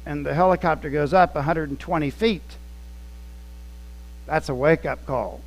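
A male pastor with a fairly high-pitched voice delivers a sermon as relaxed, conversational storytelling. He acts out the scenes he describes as he talks. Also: normal speed, low-quality recording. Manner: conversational, anecdotal, acting out scenes.

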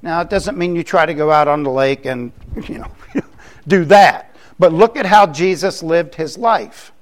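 A man's voice: a little high, a little slow. An older man from Florida, preaching a sermon in a conversational way, with joking asides. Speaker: pastor.

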